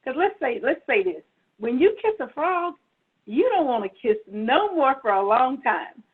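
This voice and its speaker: A middle-aged woman, a guest author, telling her story casually over a video call, animated and playful, laughing often. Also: high-pitched, normal speed, husky. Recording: tinny phone-like audio.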